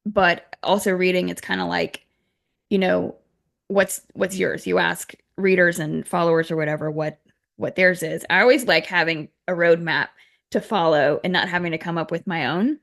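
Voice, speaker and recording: Woman podcast host, low-ish gravelly voice, slow and halting, lots of ums. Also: steady tone, fairly bright tone. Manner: hesitant, repeats words, many fillers. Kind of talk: casual interview chat.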